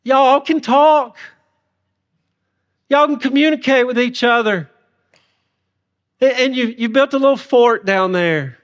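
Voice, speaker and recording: Figure: a man voicing a sarcastic, mocking God. Pitch: high. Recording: long hall reverb. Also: slow pace, pauses often, dull audio. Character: sarcastic all-powerful God mocking tiny humans.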